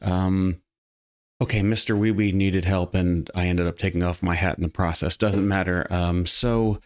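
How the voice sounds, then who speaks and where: A man's voice: low-pitched, moderate pace. A man vlogging, casually retelling a story and acting out the people in it with a raised voice. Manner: animated, acts out quoted people in raised voice; frequent restarts and fillers.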